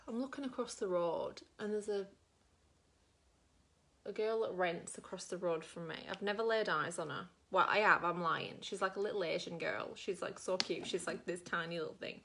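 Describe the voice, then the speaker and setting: A woman's voice: on the low side, normal speed. Aussie mum chatting while she does her makeup, rambly, lots of likes and ums. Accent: Australian. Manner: rambling, animated storyteller with lots of filler. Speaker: makeup vlogger.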